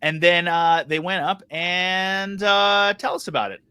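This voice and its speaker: A man's voice: high-pitched, a little slow, bright, forceful tone, clear, resonant tone. A young man co-hosting a podcast, ranting heatedly and swearing a lot in casual chat. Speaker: podcast co-host.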